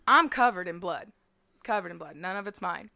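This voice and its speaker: A middle-aged woman with a gravelly, creaky edge to her voice tells a story in casual chat. She talks with a bright, sharp tone. She is brash and profane and acts out the lines of the people in her story. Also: lowish voice, animated, brisk. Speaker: guest storyteller.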